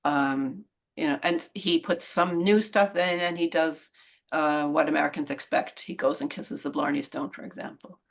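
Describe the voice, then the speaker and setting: Low-voiced woman author explaining history. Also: fairly even intonation, normal speed, gravelly. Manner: thoughtful, explanatory, trails off mid-sentence. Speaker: author and guest. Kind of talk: conversational interview on a video call. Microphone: video call.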